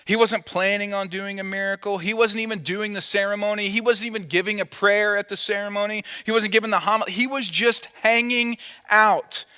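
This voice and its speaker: A man's voice: high voice, steady tone, brisk, sharp tone, smooth. A man preaching a sermon as pastor, telling a story playfully and acting out the quoted dialogue. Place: church auditorium. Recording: long hall reverb.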